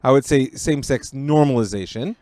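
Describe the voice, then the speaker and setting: Man, rabbi on a podcast, mid-pitched voice, dry close mic, measured, analytical. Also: mellow, no room sound. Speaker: rabbi co-host. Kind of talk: casual podcast conversation.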